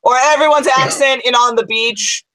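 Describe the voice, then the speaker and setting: A woman's voice: high voice, steady tone, moderate pace, pushed and bright, no echo, poor audio. A woman co-hosting a podcast in casual chat, chatty and wry, with asides as she reads aloud. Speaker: podcast co-host.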